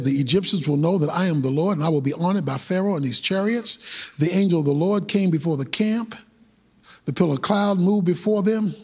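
Preacher guy, really high husky voice, swings all over, gets shouty and rhythmic. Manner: impassioned, rising into shouts, rhythmic. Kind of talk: sermon.

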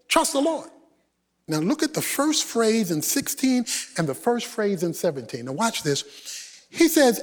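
High-voiced man preaching in a hall. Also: very animated, moderate pace. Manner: emphatic call-and-response preaching, swings between loud and hushed. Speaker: pastor. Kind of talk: sermon.

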